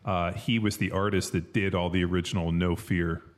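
A man hosting a casual conversation, relaxed and laughing along, with casual swearing. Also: sits low, normal speed.

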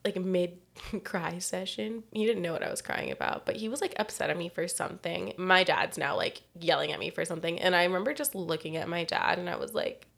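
Gravelly young woman telling stories. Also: fairly low pitch, fairly quick, a bit bright. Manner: candid, profane, laughing through her story. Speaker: podcast co-host. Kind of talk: casual storytelling chat.

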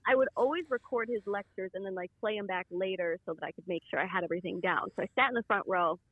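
A woman telling a self-deprecating story in a casual chat, at an unhurried pace. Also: medium pitch, dry recording, narrow, tinny audio. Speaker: guest.

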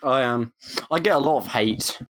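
A man's voice: mid-range voice, normal speed, fairly bright tone, no echo. A man co-hosting a podcast in casual chat, giggly and rambling. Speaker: podcast co-host.

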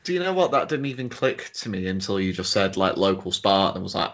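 Man, low voice, hesitant casual chat, muffled lo-fi sound. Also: fast, hardly any pauses. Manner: relaxed, hesitant, laughing along. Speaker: podcast co-host.

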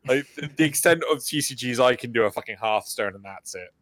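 A man co-hosting a casual podcast chat, telling stories with lively energy and acting out quotes. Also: mid-range voice, a little fast, dry recording, clean studio sound. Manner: animated storyteller, acts out quotes. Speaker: podcast co-host.

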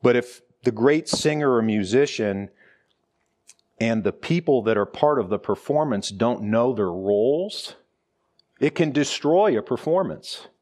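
A man's voice: medium pitch, animated, a little slow, darkish tone. A middle-aged man, a pastor, preaching a conversational sermon full of rhetorical questions and asides.

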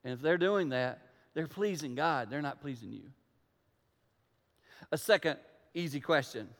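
A man preaching a sermon from a church stage, telling stories and acting out conversations, dropping to a hush and then rising to loud emphasis. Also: on the high side, lively intonation, a little slow. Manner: storytelling, acts out dialogue, swings from hushed to loud. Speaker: pastor. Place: church sanctuary. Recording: reverberant hall.

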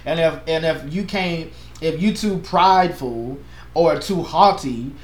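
Male pastor, fairly high voice, earnest and passionate, echoey room. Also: unhurried. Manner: earnest, passionate, animated with playful asides. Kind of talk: casual chat.

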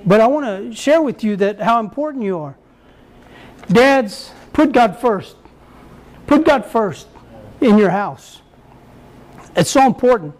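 A man's voice: sits high, animated, slow pace, pauses often. A middle-aged man, preaching a folksy, repetitive sermon that mixes family stories with exhortation.

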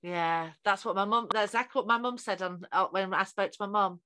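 A woman's voice: medium pitch, a little fast, sharp tone, smooth. A woman hosting a conversational interview, sympathetic and sharing her own family experience.

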